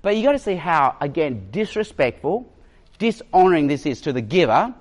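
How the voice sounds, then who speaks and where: Animated, emphatic male preacher. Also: fairly high pitch, moderate pace. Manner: storytelling, emphatic, varies his pace. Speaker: pastor. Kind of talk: sermon.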